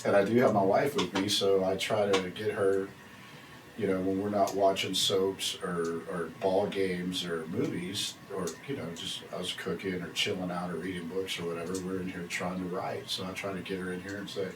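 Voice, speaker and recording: A man's voice: low voice, flat delivery, normal speed. Rambling man, roomy and distant. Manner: rambling, chatty storytelling. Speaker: drummer and songwriter. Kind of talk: casual talk to camera. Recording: roomy, far from the mic, faint hiss.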